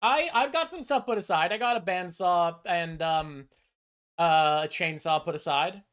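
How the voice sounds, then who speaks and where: A woman's voice: fairly low pitch, unhurried. A woman hosting a stream, chatting casually, opinionated and rambling as she ranks things. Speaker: streamer host. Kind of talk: casual chat ranking topics.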